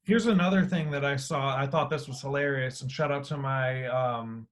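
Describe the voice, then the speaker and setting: A man hosting a casual podcast, talking in an animated way with free swearing, his voice swinging between loud and quiet. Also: medium pitch, moderate pace. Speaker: podcast host.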